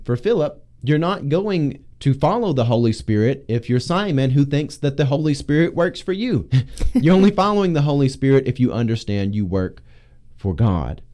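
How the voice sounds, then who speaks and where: A man leading a casual Bible discussion as pastor, teaching with animated emphasis. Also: medium pitch, moderate pace.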